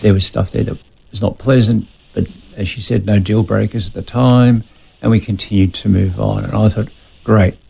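A man speaking as a radio interview guest, measured and confessional about his past. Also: fairly low pitch, fairly even intonation, gravelly, mellow, breathy edge, low-quality recording. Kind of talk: personal testimony in a radio interview.

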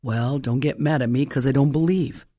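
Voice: medium pitch, moderate pace. A preacher delivering a sermon, reading scripture aloud and breaking off to explain it, asking the listeners many rhetorical questions. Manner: dramatic storytelling with rhetorical questions; swings between loud exclamation and hushed whisper.

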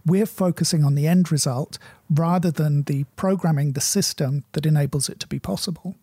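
Guy rambling on about tech, kinda dry wit, husky mellow voice, dead dry mic. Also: fairly high pitch, a little fast, dry recording. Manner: long-winded, wry and explanatory. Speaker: podcast host. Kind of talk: explanatory conversational talk.

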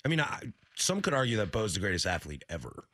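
A man's voice: fairly low pitch, big pitch swings, quick pace, pushed and bright. A man co-hosting a sports radio show, teasing his colleagues in casual studio banter. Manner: teasing, playful. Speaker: radio co-host.

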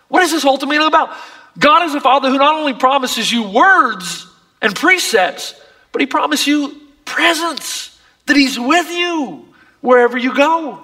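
Guy preaching hard, really high bright voice, echoing big hall. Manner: impassioned, emphatic preaching. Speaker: pastor. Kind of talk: sermon.

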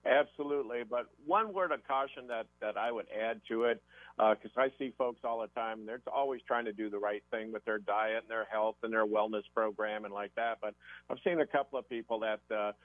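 A man's voice: fairly low pitch, brisk, dry recording. Folksy doc guy rambling on a radio show, tinny phone-line sound. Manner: folksy, rambling, with frequent restarts and "and like that". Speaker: guest co-host, health doctor. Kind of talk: casual radio talk over a phone line.

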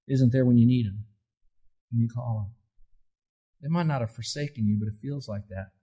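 Husky middle-aged man preaching. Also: medium pitch, darkish tone. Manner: earnest, conversational preaching with rising emphasis. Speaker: pastor. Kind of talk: sermon.

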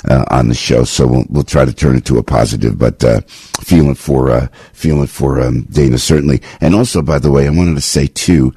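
Low husky older New man. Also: brisk, dark tone, no echo. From New Jersey. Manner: rambling, emphatic storytelling that climbs high when worked up. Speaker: radio talk show host. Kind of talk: morning talk radio monologue. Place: radio studio.

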